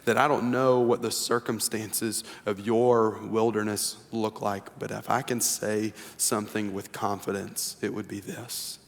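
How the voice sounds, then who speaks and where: A young man preaching a sermon as pastor. He moves between slow, hushed scripture reading and lively, animated storytelling. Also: lowish voice. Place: church sanctuary. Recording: long reverb of a church sanctuary.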